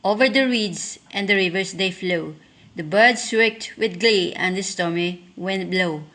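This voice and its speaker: A woman reading a rhyming picture book aloud, rhythmic and expressive. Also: mid-range voice, unhurried. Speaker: storyteller.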